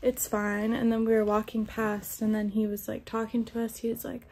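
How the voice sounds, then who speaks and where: A woman's voice: on the high side, completely flat delivery, fairly quick, darkish tone, husky. A young woman vlogging casually, rambling with lots of "like" and "um", sounding shaken and upset. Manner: rambling, many fillers like "like" and "um". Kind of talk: casual vlog talk.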